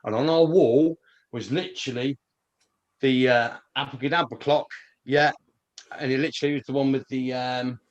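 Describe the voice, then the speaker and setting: Excitable man tripping over his words. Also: medium pitch, lo-fi sound. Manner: excitable, repeats words as he rushes on. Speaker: co-host. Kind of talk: casual storytelling chat.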